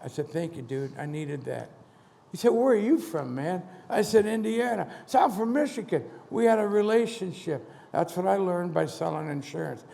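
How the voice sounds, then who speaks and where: A man in his seventies with a high-pitched, gravelly voice speaks at a moderate pace as a motivational speaker on a conference hall stage. He tells a story with animation, acting out the dialogue in quotes, and large hall reverb surrounds the recording.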